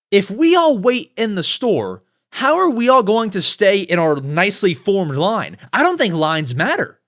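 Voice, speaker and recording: A young man hosting a casual solo podcast, excitable and quick to break into exasperated rants. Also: high-pitched. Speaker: podcast host.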